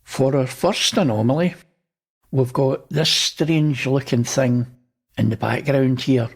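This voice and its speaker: A man's voice: medium pitch, fairly even intonation, takes it slowly, creaky, husky. A man hosting, casually talking through images and pointing things out. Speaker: host. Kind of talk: casual narration over images.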